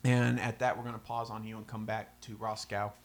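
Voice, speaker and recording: A man's voice: fairly low pitch, fairly quick. Laid-back guy running a tabletop game, laughs a lot. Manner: relaxed, laughs often, easygoing. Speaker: game master.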